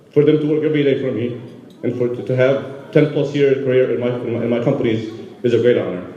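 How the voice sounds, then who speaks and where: A man from Yemen giving a halting, emotional award acceptance speech full of fillers at a gala. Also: mid-range voice, dark tone. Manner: halting, many fillers, moved. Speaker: award recipient. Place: large banquet hall. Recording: roomy hall, dull sound.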